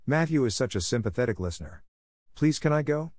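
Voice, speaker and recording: A man voicing an excitable, chatty orphan girl who gushes eagerly and breathlessly. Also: fairly low pitch, fairly quick, no echo, studio quality. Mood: gushing.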